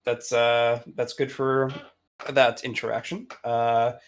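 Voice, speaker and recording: A game master narrating a tabletop role-playing game, slow and halting with many fillers. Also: mid-range voice, flat delivery.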